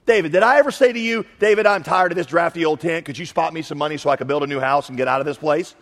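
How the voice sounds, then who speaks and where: A man's voice: fairly high pitch, rapid-fire, a bit bright, close to an everyday voice. A man preaching who voices God as a playful, mock-scolding character in a reverberant hall. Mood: teasing. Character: God as a teasing, playful male voice.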